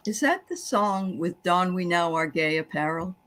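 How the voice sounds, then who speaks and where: An older woman hosting a medium session, chatting casually and passing on messages, quick to affirm and laugh. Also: on the low side, expressive, fairly bright tone, slight background noise. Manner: affirming listener, lots of mm-hmms, easy laughs. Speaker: host and medium. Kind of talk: casual chat.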